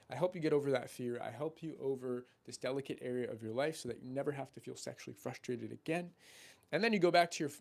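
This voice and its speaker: A man's voice: mid-range voice, a little mellow. Young male dating coach: brash, salesy, swears freely, acts out friends in quotes. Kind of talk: casual talking-head monologue.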